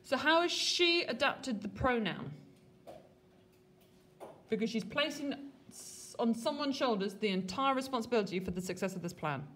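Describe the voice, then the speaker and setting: A woman teaches a literature lesson in a classroom. Her voice sits fairly high. She talks in a lively, colloquial way and keeps calling on her students. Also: normal speed, slight background noise. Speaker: English teacher.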